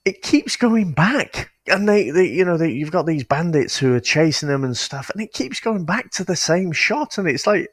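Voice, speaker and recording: A man's voice: fairly high pitch, moderate pace, hardly any pauses, breathy edge, dry recording. A man co-hosting a podcast, recapping a film's plot in casual chat and laughing often. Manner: laughs often, animated storytelling. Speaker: podcast co-host. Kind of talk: casual film review chat.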